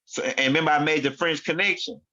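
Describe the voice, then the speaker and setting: A man's voice: fairly high pitch, quick pace, sharp tone. A man hosting his own online show, rambling through casual commentary in street slang and often repeating himself. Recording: dull lo-fi sound.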